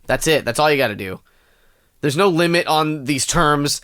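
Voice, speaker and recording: A man co-hosts a casual podcast, rambling through jokes and cursing freely. His voice moves with lively ups and downs in pitch. It is recorded close and dry. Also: moderate pace, smooth, no echo. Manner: joking, rambling, swears casually. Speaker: podcast co-host. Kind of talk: casual comedic chat.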